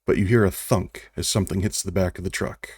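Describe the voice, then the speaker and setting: A man narrating as game master of a tabletop role-playing game, wry and relaxed, with small restarts. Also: low voice, brisk, slightly rough, no echo, clean studio sound.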